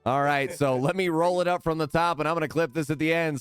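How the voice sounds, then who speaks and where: A male stream host reads out names in a punchy, hype sports-announcer style. His voice sits a little high, smooth and clear. The sound is dry and close, with faint music underneath. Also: steady tone, fast talker, hardly any pauses, dry recording. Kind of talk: live stream commentary.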